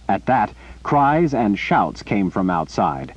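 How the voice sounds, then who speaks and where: Brief: man narrating an audiobook, lively delivery, low husky voice, muffled lo-fi sound. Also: slow pace, no room sound. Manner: animated storytelling. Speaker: audiobook reader. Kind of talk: scripted narration. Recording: muffled lo-fi recording.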